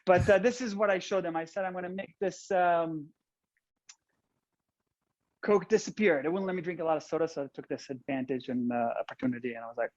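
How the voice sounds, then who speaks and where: A man's voice: fairly high pitch, rapid-fire, few pauses. A man with an Israeli accent performing a chatty, playful magic show for an audience on a video call. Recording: dull lo-fi call audio.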